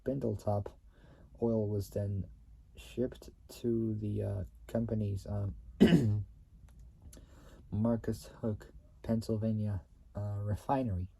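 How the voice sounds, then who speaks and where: A man reads history aloud at a slow, unhurried pace, stumbling and going back over his phrases. His voice is very dark and mellow, with a husky edge. He breaks off now and then to clear his throat. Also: fairly low pitch, fairly even intonation. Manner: stumbling reader who repeats and restates phrases. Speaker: channel host reading company history. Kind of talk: halting read-aloud history recap.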